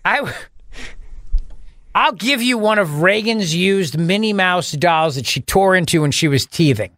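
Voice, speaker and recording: A man's voice: high voice, animated, slow, long pauses, a bit bright, no echo, studio quality. A male radio talk show host bantering sarcastically, rambling and laughing at his own jokes. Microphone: studio microphone.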